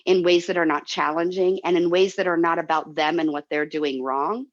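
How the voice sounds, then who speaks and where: A woman's voice: on the low side, steady tone, moderate pace, dull audio. A woman guest speaking in a heartfelt, emotional way, often repeating herself as she explains. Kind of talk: heartfelt motivational talk.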